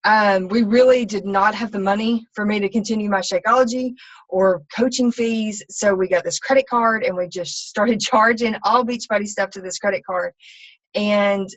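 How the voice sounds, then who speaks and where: A fitness coach tells her personal story in a candid testimony talk, rambling with plenty of ums and restarts. Her voice is medium-pitched with fairly even intonation at a moderate pace, and the recording sounds slightly dull and lo-fi.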